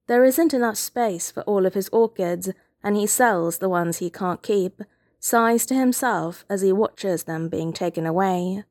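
A woman's voice: mid-range voice, unhurried, a little mellow, no echo. Dry, close woman narrating a novel. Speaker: audiobook narrator. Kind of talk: scripted narration.

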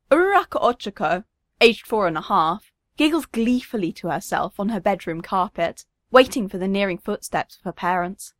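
Woman storyteller, lively intonation, dry close recording. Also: medium pitch, moderate pace, no room sound. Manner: expressive, varied intonation. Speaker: narrator. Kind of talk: storybook narration.

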